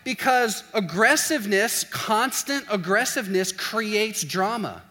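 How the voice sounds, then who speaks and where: A man with a bright, somewhat high voice gives a casual sermon as a college pastor. He talks in a loose, animated way, acting out quick everyday scenes and dropping "like" often. His voice rings with the long reverb of a large hall. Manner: animated, acts out little scenes in quoted voices, says "like" often.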